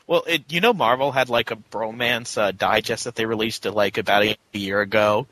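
A man's voice: lowish voice, a little fast, a bit bright, slight background noise, poor audio. A man co-hosting a podcast, chatting casually about a comic book and jumping into little mock voices. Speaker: podcast co-host.

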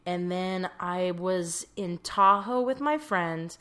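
A woman's voice: on the low side, slow, fairly bright tone, smooth. Chatty young woman podcast co-host. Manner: chatty storyteller, frequent "like" fillers. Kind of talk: casual chat.

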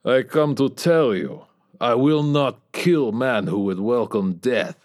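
A man voicing a huge, menacing old Russian ex-spy with a Russian accent, who speaks slowly in clipped, broken English. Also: medium pitch, darkish tone, voice pushed up, close to an everyday voice.

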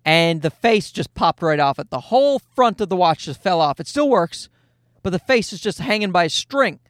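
A man's voice: high voice, lively intonation, moderate pace, a bit bright, no room sound, clean studio sound. A man in his thirties hosting a casual solo podcast, telling a story in a profane, self-mocking way. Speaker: podcast host.

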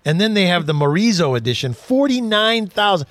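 A man's voice: high voice, a little fast, few pauses, dry recording. A man hosting a casual car talk radio show, telling stories and acting out quotes. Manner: animated storyteller, acts out quotes.

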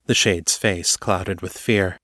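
A man giving measured, scripted narration of a story. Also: low voice, fairly even intonation, sharp tone, dry recording, studio quality.

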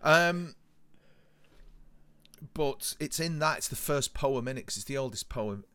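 A man's voice: mid-range voice, a little slow, clear, resonant tone, no echo. A man chatting casually as a podcast co-host, enthusiastic and often laughing. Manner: enthusiastic, laughing, animated storytelling. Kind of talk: casual chat.

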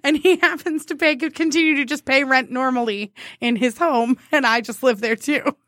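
Young woman, high lively voice, animated storytelling, dry close sound. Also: normal speed, dry recording. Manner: animated, laughing, acting out quotes. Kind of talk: casual chat, storytelling.

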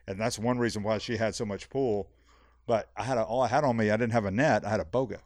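A man, a fishing guide, telling a long story on a podcast in a rambling, animated way, full of fillers and repeats. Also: lowish voice, fast talker, no room sound, studio quality. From South Texas. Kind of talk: casual storytelling.

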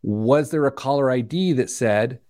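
A man hosting a radio money show, telling stories in a lively, self-deprecating way. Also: mid-range voice, normal speed, no room sound, studio quality. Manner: animated, self-deprecating storyteller. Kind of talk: casual chat, storytelling.

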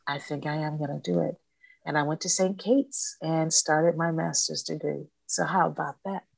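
A woman's voice: deep voice, steady tone, moderate pace, gravelly, no echo. A woman in her sixties, an interview guest, who tells her story with animation and acts out the voices she quotes. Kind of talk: storytelling in conversation.

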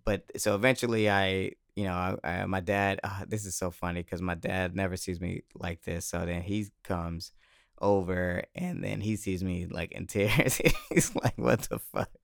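A man telling a personal story in casual chat, animated, swearing and laughing often, on a close mic. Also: low-pitched, moderate pace, gravelly, clear, resonant tone, dry recording.

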